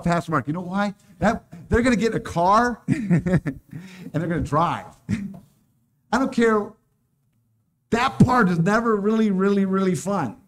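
A man preaching a casual sermon, joking and laughing often as he talks. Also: high voice.

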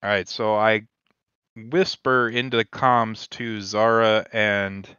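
A man's voice: fairly low pitch, level tone, slow, bright, forceful tone, clean tone, dry recording, lo-fi sound. A man playing in a tabletop game, blunt and swearing casually. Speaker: player.

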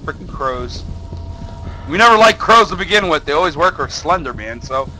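A man's voice: a little high, lively intonation, moderate pace, bright, forceful tone, a little hiss or hum, low-quality recording. A young man playing a horror game, talking to viewers through a headset, jumpy and swearing under his breath as he goes. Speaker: gaming video host. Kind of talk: horror game let's play commentary.

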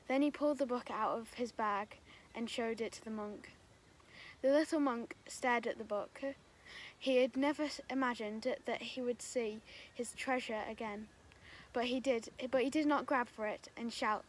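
A woman reading a story aloud for children at a church kids' group, slow and gentle. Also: fairly high pitch, a little hiss or hum.

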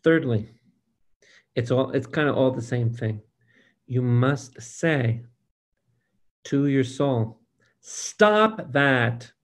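An older man, a priest, preaching a Bible study slowly and emphatically, speaking straight to his listeners and asking them for amens. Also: medium pitch, steady tone, a little mellow. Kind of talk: preaching to a live group.

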